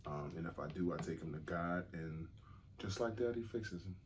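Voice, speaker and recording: Deep-voiced laid-back male co-host. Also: moderate pace, background noise. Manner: laid-back, candid, joking, many "um"s. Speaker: podcast co-host. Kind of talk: casual chat.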